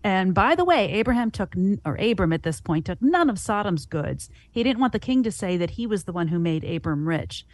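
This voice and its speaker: A woman's voice: medium pitch, big pitch swings, fairly quick, hardly any pauses, a little mellow. Earnest woman explaining scripture. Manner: earnest, explanatory, poses questions. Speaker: Bible teacher. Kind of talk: Christian teaching podcast.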